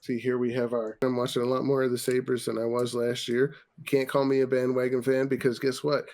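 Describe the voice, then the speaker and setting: A man's voice: mid-range voice, brisk. Profane, ranting podcast host man. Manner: ranting, profane, animated about sports. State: tipsy. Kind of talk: casual podcast rant.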